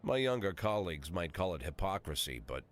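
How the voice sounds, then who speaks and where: A man's voice: low-pitched, big pitch swings, brisk. A man voicing a cynical, weary police chief in his sixties, narrating a video game in a dry, sardonic monologue. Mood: wry. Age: 60s.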